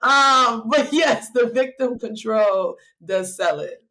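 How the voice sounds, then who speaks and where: A woman actor chatting as a podcast guest, telling stories with lots of laughter and animated delivery. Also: fairly high pitch, slow. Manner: laughs often, animated storytelling. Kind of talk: casual interview chat.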